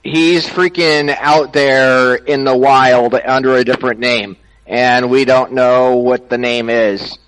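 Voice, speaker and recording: A man in a casual group voice chat, ranting and swearing in an animated way. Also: mid-range voice, slow, clean tone, low-quality recording. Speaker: podcast participant.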